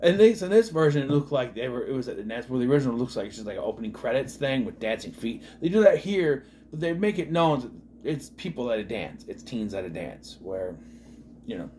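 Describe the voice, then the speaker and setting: A man's voice: medium pitch, sing-song, a little fast, mellow, a little hiss or hum. Rambling man reviewing a movie. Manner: rambling, full of "you know" and restarts. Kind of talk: casual movie review commentary.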